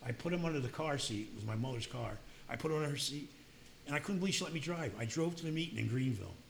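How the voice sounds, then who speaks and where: An older man tells a personal story in a gravelly, worn voice, plain and unpolished. He acts out what each person said as he goes. Faint noise sits behind him. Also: mid-range voice, expressive, fast talker. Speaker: speaker sharing his recovery story.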